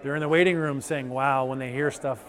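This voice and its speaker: A man's voice: on the high side, fast talker, faint music behind. A male chiropractor giving an enthusiastic testimonial, telling patient stories and acting out their reactions. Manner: enthusiastic, animated storytelling with quoted patients. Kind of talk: testimonial interview.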